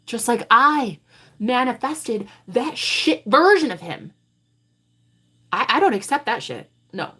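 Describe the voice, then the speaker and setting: A woman's voice: a little high, slow, pauses often, husky. A woman hosting a live tarot stream, telling her viewers a story bluntly and with plenty of swearing. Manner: blunt, profane, animated storytelling. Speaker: tarot reader and livestream host. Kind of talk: livestream talk to viewers.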